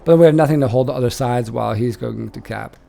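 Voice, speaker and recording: A young man shoutcasting a strategy game he played in, casual and animated, swearing and laughing. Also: medium pitch, fast talker, gravelly, a little hiss or hum.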